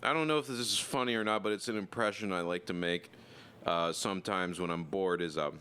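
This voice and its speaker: A man's voice: low voice, a little fast, pushed and bright, smooth. A man from Ohio, a comedian co-hosting a podcast, rambling through crude, self-deprecating jokes. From Columbus, Ohio, USA. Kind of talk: casual podcast banter.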